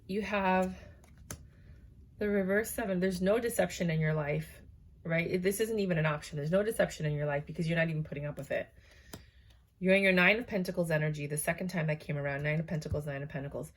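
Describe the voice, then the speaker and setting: Low voiced lady doing a tarot reading, kinda sleepy, chatty, lots of um and like. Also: a little fast. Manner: chatty, reassuring, fillers and asides. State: tired, yawning. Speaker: tarot reader. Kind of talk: casual tarot reading to camera.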